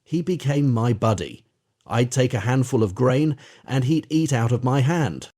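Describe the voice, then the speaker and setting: A man reading the quoted words of a tender grown woman fondly recalling the pets of her childhood, in a soft, emotional manner. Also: mid-range voice, lively intonation, unhurried.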